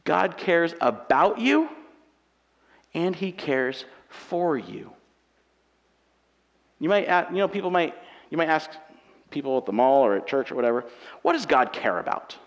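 A man in his thirties preaching a conversational sermon as a pastor, moving between quiet, chatty asides and loud, emphatic passages in a church auditorium. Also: fairly high pitch, big pitch swings, unhurried, long pauses. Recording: hall reverb from a church sanctuary.

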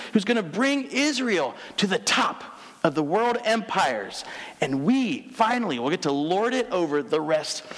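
These are brash, ambitious male disciples that a preacher acts out, pushy and full of themselves. The voice sits high and leaps around in pitch. A long reverberant hall carries every line. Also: a bit bright, exaggerated voice. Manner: brash, pleading, indignant, wheedling.

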